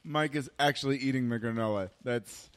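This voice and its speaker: A man's voice: medium pitch, a little fast. A man co-hosting a casual food taste-test, reacting with groaning, exaggerated disgust.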